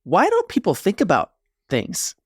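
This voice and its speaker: A man's voice: sits high, huge pitch swings, normal speed, breathy edge, no room sound, clean studio sound. A man co-hosting a relationship podcast, telling a story in rambling casual chat with tangents. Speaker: podcast co-host, therapist.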